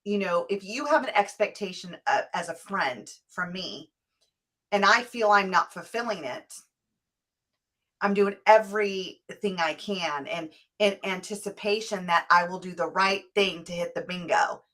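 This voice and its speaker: A woman's voice: medium pitch, measured pace, fairly bright tone. A middle-aged woman co-hosting a talk show in casual, conversational chat, often quoting remembered dialogue. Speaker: co-host.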